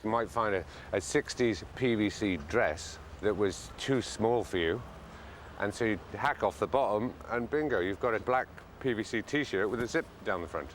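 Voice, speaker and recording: Lively low-voiced man outdoors. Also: normal speed, a little hiss or hum. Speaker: interviewee. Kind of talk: casual reminiscing.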